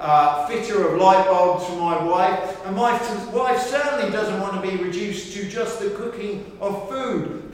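A middle-aged male pastor preaching an earnest sermon that rises to emphatic questions. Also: sits high. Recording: echoey hall from far off.

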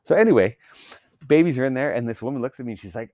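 A man's voice: medium pitch, animated, fast talker, no echo, highs cut off. A young man, a new father, ranting bluntly and profanely in a solo podcast, exasperated. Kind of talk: solo rant.

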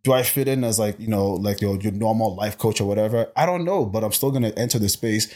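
A man who grew up in Botswana, talking as an interview guest about coaching, passionate and energetic with many restarts. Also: fairly low pitch, fast. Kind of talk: casual interview talk.

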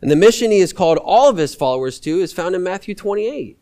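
A male guest preacher delivering a sermon with a fairly high, very lively voice that rises and falls widely. He talks conversationally, repeating key lines for emphasis. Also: fast talker.

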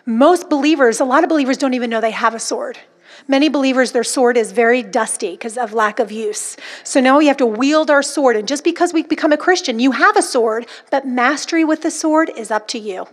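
A woman with a high, bright-pitched voice preaches with fervent emphasis. She climbs higher when she builds to a point and drops low and quiet when quoting scripture. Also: brisk. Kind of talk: sermon.

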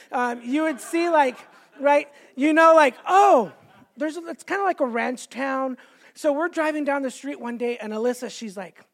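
A man in his thirties, a guest evangelist from the Los Angeles area, giving a sermon in a church with chatty, self-deprecating stories and jokes. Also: very high-pitched. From Los Angeles area, California. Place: church sanctuary with stage.

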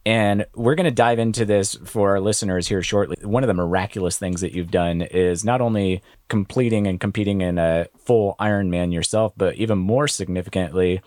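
A male podcast host with a fairly low voice speaks to his guest with open, effusive admiration. His sound is dry and close, with no room around it. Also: fairly quick, few pauses, darkish tone, dry recording. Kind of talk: interview hosting. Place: Washington State.

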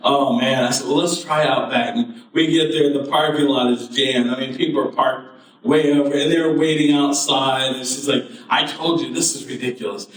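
A man's voice: medium pitch, fairly even intonation, moderate pace, fairly bright tone. A man, a pastor, telling a personal story in a sermon and building to fervent preaching. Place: church sanctuary. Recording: very echoey hall, mic at a distance.

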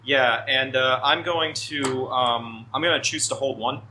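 A man's voice: mid-range voice, fairly even intonation, unhurried, sharp tone, slight background noise, rough recording. A man playing a tabletop game, talking casually and hesitantly with plenty of fillers. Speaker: player.

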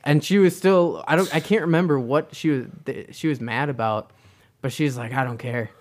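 A man's voice: medium pitch, normal speed. A young man co-hosting a podcast, telling a story animatedly in casual chat, acting out quotes and swearing casually. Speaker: podcast co-host.

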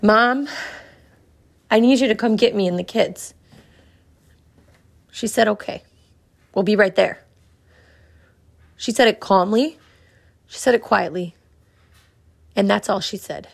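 A woman in her thirties, a podcast host, telling a personal story in an earnest, reflective way with dramatic pauses. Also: medium pitch, gravelly.

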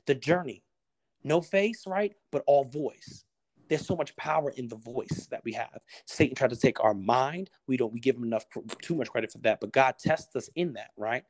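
A man's voice: mid-range voice, expressive, normal speed. A man talking as a podcast guest, passionate and preacher-like, acting out the voices he quotes. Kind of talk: casual motivational conversation.

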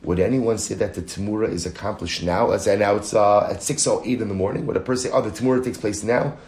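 A man's voice: fairly low pitch, steady tone, fast talker, darkish tone, roomy sound. A man teaching a Talmud study lesson, explaining the text step by step, reading Aramaic and Hebrew passages aloud and often restarting his sentences.

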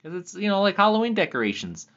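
A man chatting casually in a rambling monologue, laughing often and swinging his pitch up for jokes. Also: very animated, fast talker, fairly bright tone, dull audio. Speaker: vlogger. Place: at home.

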